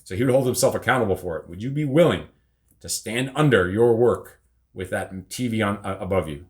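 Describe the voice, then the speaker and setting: A man's voice: on the low side, expressive, brisk. A middle-aged man hosting a casual live show, rambling and teasing, with casual swearing. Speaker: podcast host. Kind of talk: casual live-stream chat.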